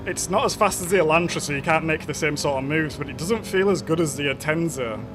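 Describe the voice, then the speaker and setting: A man's voice: a little high, fast, background noise. A man casually commenting on a racing game live stream, chatting with viewers and greeting them by name.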